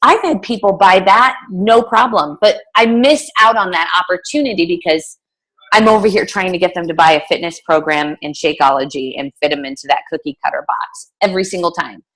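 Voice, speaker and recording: A woman's voice: fairly low pitch, a little fast, a bit bright. A middle-aged woman, a fitness coach, giving a casual team training talk, chatty with many fillers and restarts.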